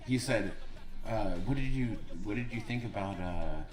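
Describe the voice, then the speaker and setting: A man's voice: on the low side, moderate pace, soft background music. A man co-hosting a casual podcast, brash and profane, with mock trash talk. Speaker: podcast co-host. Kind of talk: casual chat. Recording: roomy echo.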